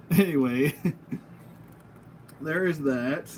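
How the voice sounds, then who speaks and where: A man's voice: medium pitch, animated, a little slow, long pauses, a little hiss or hum. A man hosting a casual toy review at home, rambling and goofy, laughing at himself as he goes. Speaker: toy reviewer, channel host. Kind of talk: casual unscripted product review. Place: at home, at a table of figures.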